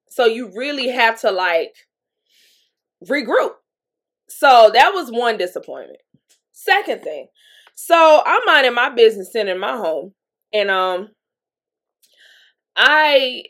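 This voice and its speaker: A young adult woman hosting a podcast, telling a personal story in a chatty, animated way with frequent laughs and fillers. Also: medium pitch. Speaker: podcast host. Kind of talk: casual storytelling monologue.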